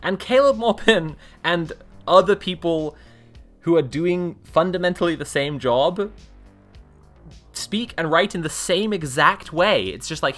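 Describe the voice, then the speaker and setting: A woman with a lowish, animated voice reads a book aloud at a measured pace on a live stream, with faint music behind. Between read passages she drifts into sarcastic, rambling commentary.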